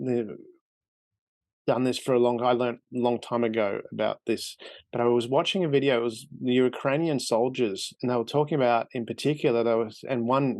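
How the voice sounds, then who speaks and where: Guy hosting a podcast chat, gravelly voice, kinda rambly, dry close sound. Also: mid-range voice, darkish tone, no room sound. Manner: rambling, thinks aloud mid-sentence. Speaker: podcast host. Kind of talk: casual conversational interview.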